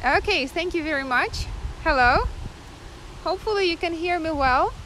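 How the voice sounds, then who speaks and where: Woman doing a live tour stream outside, chatty, lots of uhs, high bouncy voice. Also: lively intonation, moderate pace, sharp tone, a little hiss or hum. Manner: chatty, hesitant with many fillers. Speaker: tour guide. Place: outdoors in a town.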